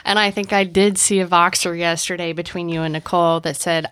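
A woman co-hosting a podcast in casual chat, with a dry, sarcastic, deadpan manner. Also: fairly low pitch, fairly quick, no room sound. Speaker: podcast co-host.

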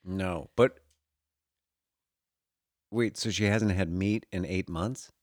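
A man's voice: low-pitched, slow pace, a little mellow, dry recording, clean studio sound. A man co-hosting a casual chat, making bawdy jokes with a hesitant delivery and reading a letter aloud. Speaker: podcast co-host.

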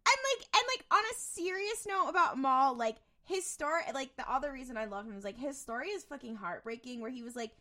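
A woman's voice: sits high, lively intonation, a little fast, few pauses, sharp tone. A woman co-hosting a podcast, talking animatedly, swearing a lot and laughing often. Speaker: podcast co-host. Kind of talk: casual chat.

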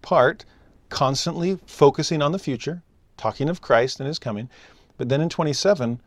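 In a dry, close-miked recording with no echo, a man teaches a scripture lesson at a moderate pace. His mid-pitched voice is expressive and emphatic, slipping into quiet asides before rising into loud exclamations.

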